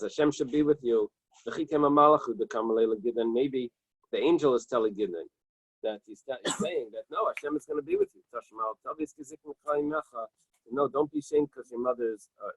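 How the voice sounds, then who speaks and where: Reading Hebrew and Aramaic text and rendering it in plain translation, a man runs an early-morning Talmud class in a small synagogue study room, often adding "right?" and "okay". The voice is mid-range and slightly rough at normal speed, with no room sound in a rough recording.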